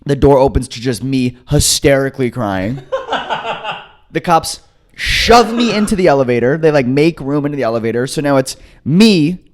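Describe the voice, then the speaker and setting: Animated young man telling a story. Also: mid-range voice, normal speed. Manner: animated storyteller acting out quotes. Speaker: podcast co-host. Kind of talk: casual storytelling.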